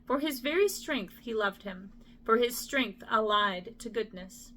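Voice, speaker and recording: A woman's voice: fairly high pitch, animated, a little slow, pushed and bright, a little hiss or hum. Woman reading a bedtime story poem. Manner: stumbles over names and apologizes with self-deprecating asides.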